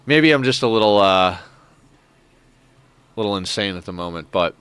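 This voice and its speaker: A young man chats through a game stream, drifting between gameplay and personal musings, full of filler words. His voice is clear and smooth, with a bright edge. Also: on the low side, expressive, moderate pace. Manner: rambling, reflective, many filler "like"s; cooing baby talk to a pet. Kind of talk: casual gameplay stream chat.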